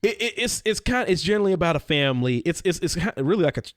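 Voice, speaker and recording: A man co-hosting a podcast in casual chat, animated and full of fillers as he explains. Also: high-pitched, very fast, dry recording, clean studio sound. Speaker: podcast co-host. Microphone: podcast mic.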